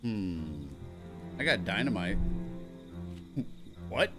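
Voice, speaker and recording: A man hosting a let's play, reading every character's lines aloud in turn, quick and offhand. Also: on the low side, very animated, over music. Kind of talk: reading game dialogue aloud.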